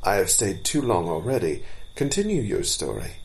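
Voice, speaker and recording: A man voicing a brave, courteous male deer captain in a storybook, gentle and polite. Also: low voice, huge pitch swings, normal speed, gravelly, full character voice.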